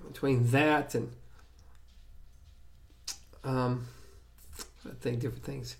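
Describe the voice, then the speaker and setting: A man's voice: mid-range voice, fairly even intonation, slow, gravelly. A man in casual conversation, hesitant and wry in delivery. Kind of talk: casual chat.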